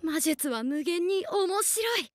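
A giddy young boy prince from an anime, voiced by a woman, high and lively as he gushes over spells. Music plays clearly under the dialogue. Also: normal speed. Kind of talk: anime dubbing.

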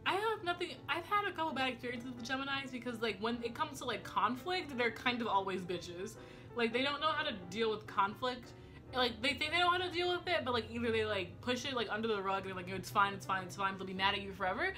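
Bright-voiced young woman, fast rambling chat. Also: a little high, animated, faint music behind. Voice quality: speech impediment. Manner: very fast, rambling, lots of swearing and fillers. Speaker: vlogger. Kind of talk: casual chat to camera. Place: home room.

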